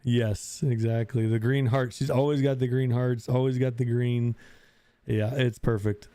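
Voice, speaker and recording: An upbeat man hosts a casual live-stream chat and laughs easily as he calls on each speaker. His voice is smooth and resonant and sits in a middle range. The sound is dry and close. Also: mid-range voice, little pitch movement, a little slow, dark tone, no room sound. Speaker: host of a live audio space.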